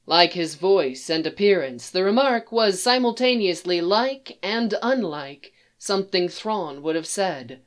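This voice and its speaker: A woman reading a science fiction story aloud in a calm, even storytelling manner. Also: fairly low pitch, slow pace, hardly any pauses. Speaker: audiobook reader.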